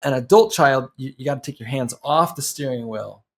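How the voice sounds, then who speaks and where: A middle-aged man co-hosting a podcast, telling a family story in an earnest, reflective way and slowing down to stress his points. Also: mid-range voice. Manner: earnest, reflective, slows down for emphasis. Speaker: podcast co-host. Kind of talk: heartfelt conversational storytelling.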